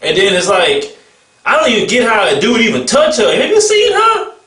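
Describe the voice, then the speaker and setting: A man rants through a casual vlog commentary, blunt and mocking as he laughs at what he describes. His voice sits high for a man. He sounds set back from the mic in an echoey room. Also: sing-song, normal speed, bright, forceful tone, distant mic. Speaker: vlogger.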